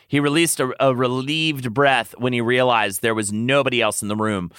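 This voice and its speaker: A man, a podcast host, narrating in a mock-sultry, deadpan comedic reading. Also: medium pitch, normal speed, few pauses, clear, resonant tone, no echo, studio quality.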